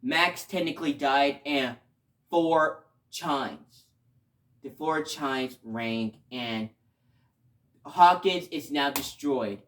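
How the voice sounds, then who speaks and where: A man giving a casual video review, talking emotionally and rambling, with sudden loud outbursts between quieter stretches. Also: mid-range voice, extremely slow, pauses often. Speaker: show reviewer.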